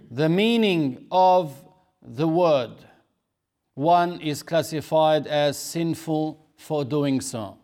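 A man teaching a religious lesson, speaking deliberately and repeating key phrases for emphasis. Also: fairly high pitch. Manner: demonstrates pronunciation of recited phrases.

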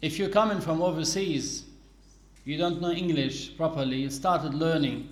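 A man's voice: on the high side, normal speed. Man teaching in an echoey room. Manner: patient, explanatory, quotes Arabic phrases. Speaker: religious teacher. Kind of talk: religious lesson on recitation.

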